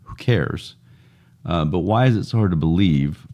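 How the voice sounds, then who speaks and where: A man with an extremely deep voice co-hosts a relaxed podcast. He tells news stories in a loose, chatty way, with plenty of jokey asides and laughter. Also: normal speed, dull audio. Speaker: podcast co-host. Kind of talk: casual podcast chat.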